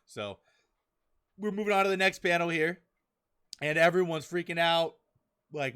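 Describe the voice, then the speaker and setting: Young male podcast host, bright tone, chatty and animated, reads out characters' lines. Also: a little high, moderate pace, pauses often, clear, resonant tone. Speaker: podcast host reviewing manga chapters. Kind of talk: casual chat.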